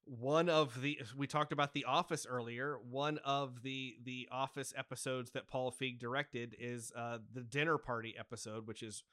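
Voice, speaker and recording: A man's voice: medium pitch, fairly even intonation, normal speed, hardly any pauses, pushed and bright, dry recording, studio quality. An American man co-hosting a casual podcast, eagerly chatting and introducing the next topic. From United States. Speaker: podcast co-host. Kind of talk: casual chat.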